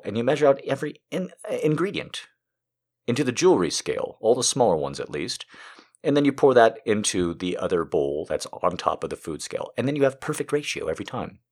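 A man telling a story as a comedic monologue, a ranting, profane storyteller who makes sarcastic asides to the listener. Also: sits low.

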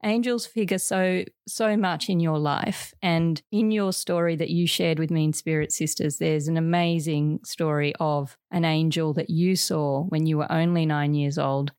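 A woman hosting a podcast, interviewing a guest in a slow, deliberate, encouraging way. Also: sits low, fairly even intonation, darkish tone, smooth, no room sound, clean studio sound. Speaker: podcast host.

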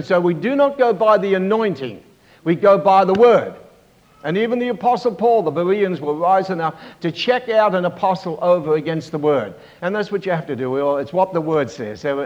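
A man preaching a Bible-teaching sermon, pausing often with fillers and restarts and asking the congregation for amens. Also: on the high side, a little mellow. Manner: halting, with many fillers and restarts. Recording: dull lo-fi recording.

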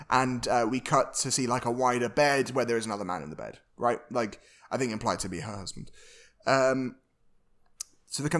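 A man's voice: mid-range voice, a bit bright. A man co-hosting a casual film podcast, recapping the plot with many fillers and restarts. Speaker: podcast co-host.

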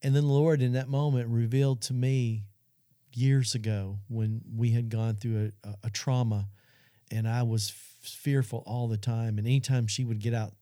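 Dark-voiced man telling a faith story. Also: medium pitch, steady tone, normal speed, dry recording, studio quality. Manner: earnest storytelling, addresses audience. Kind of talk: Christian talk show testimony.

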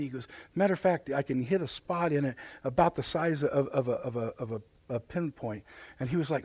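A middle-aged man with a Midwestern American accent preaching a live sermon in church, animated and joking, often repeating his words. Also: mid-range voice, brisk, slightly rough, dry recording. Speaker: pastor. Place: church sanctuary.

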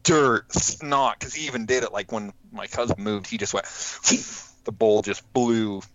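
Male storyteller, casual and animated, slightly muffled recording. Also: lowish voice, measured pace. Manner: animated, acts out quotes with laughs. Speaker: guest telling a hunting story.

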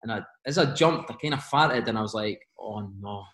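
A man with a Scottish accent telling animated stories as a podcast guest, laughing often and quoting teammates. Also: mid-range voice, fast, echoey room, noisy background. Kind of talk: casual storytelling.

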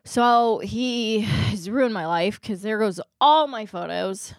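A woman co-hosting a casual podcast, telling stories with lively acted-out quotes. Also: mid-range voice, slow, no echo. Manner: animated storytelling, acting out quotes. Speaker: podcast co-host. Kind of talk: casual chat.

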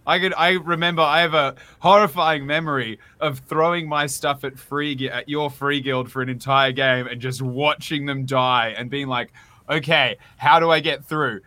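A man, a podcast guest telling self-mocking, animated stories. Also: a little high, moderate pace. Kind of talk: casual chat.

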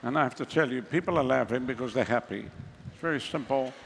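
A man's voice: medium pitch, quick pace, vocal fry, long reverb tail, a little hiss or hum. A man preaching a sermon as pastor, talking to the congregation in a casual, wry way with mocking asides.

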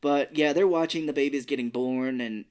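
A man's voice: mid-range voice, normal speed, darkish tone. Brief: male podcast co-host, rambling casual movie chat, slips into goofy voices. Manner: rambling, acts out quotes in silly voices.

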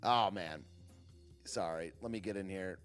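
A man's voice: deep voice, unhurried, a bit bright, smooth, soft background music. A man hosting a livestream, chatting casually, reading chat aloud and joking sarcastically. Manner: sarcastic, laughs often, reads chat aloud. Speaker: livestream host.

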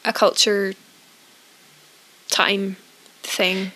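A woman co-hosting a casual podcast, gentle and thoughtful, a little hesitant as she explains. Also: medium pitch, little pitch movement, extremely slow. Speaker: podcast co-host. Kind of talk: casual chat with read-aloud hymn verses.

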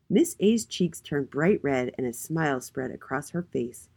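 A woman hosting a children's story read-aloud, reading gently and expressively. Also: low voice, animated, a little slow, few pauses. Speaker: host.

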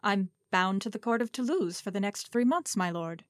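A dutiful middle-aged lord answers quietly and respectfully in a dry, close recording, as a woman reading a story voices him. He speaks with restraint and duty. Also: mid-range voice, expressive, normal speed, no echo, natural voice. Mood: subdued.

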